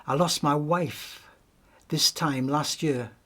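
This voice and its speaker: A middle-aged man with a Geordie accent giving a gentle, reflective devotional talk, often restarting his sentences. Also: on the high side, takes it slowly. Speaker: speaker giving a weekly message.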